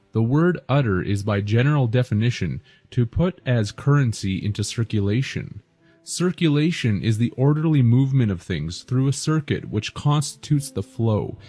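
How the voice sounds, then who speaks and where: A man giving scripted narration in a measured, lecturing delivery. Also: medium pitch, warm tone.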